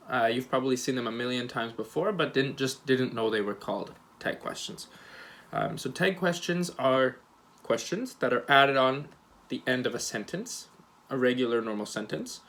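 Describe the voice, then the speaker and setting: A man teaching a recorded grammar lesson, speaking in a relaxed, hesitant way with many fillers and restarts, and acting out example questions with rising and falling intonation. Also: medium pitch. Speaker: English teacher.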